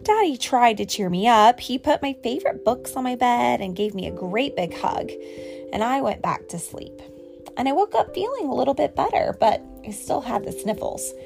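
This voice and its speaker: A woman reading a children's picture book aloud to a child in an expressive, sing-song storytelling way. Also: on the high side, normal speed, vocal fry, music in the background. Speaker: reader.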